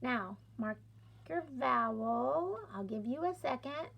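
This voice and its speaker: A middle-aged woman teaching a phonics lesson, sounding out letters and stretching words clearly in an encouraging classroom manner. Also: fairly high pitch, lively intonation, slow, fairly bright tone. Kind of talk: slow, deliberate classroom instruction.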